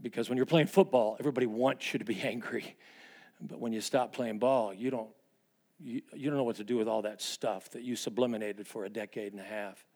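A man in his sixties preaching a sermon as a pastor, moving between hushed confessional passages and fervent, rising emphasis. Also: mid-range voice, fairly even intonation, brisk.

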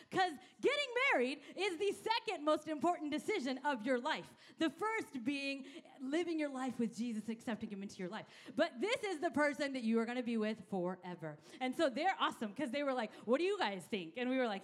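High-voiced woman pastor preaching. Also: a little fast. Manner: energetic, conversational, asks congregation for responses. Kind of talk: sermon.

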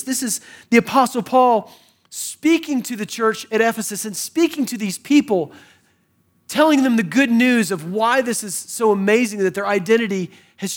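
A man preaching a sermon, swinging between hushed and emphatic delivery. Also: very high voice. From American South. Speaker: pastor.

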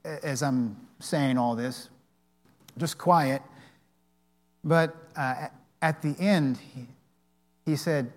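A man giving an earnest devotional talk with personal stories. He speaks haltingly, with many restarts. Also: medium pitch, a little mellow.

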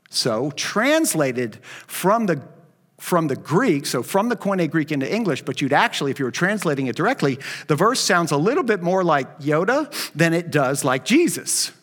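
A man's voice: fairly high pitch, fairly bright tone. A middle-aged man preaching a sermon as pastor, emphatic and conversational, with asides to the congregation. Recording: long reverb in a large hall.

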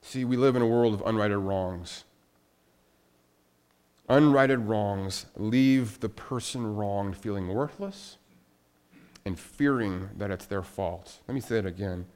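A man's voice: lowish voice, slow, darkish tone, clear, resonant tone. Guy preaching a sermon, emphatic, repeats himself, tosses questions at the room. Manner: emphatic, repetitive, rhetorical questions. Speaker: pastor.

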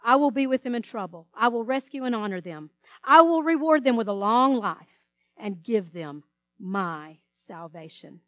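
High-voiced woman pastor preaching. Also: expressive, normal speed, no room sound, lo-fi sound. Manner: preaching with dramatic quoted voices and emphatic scripture reading. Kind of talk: sermon.

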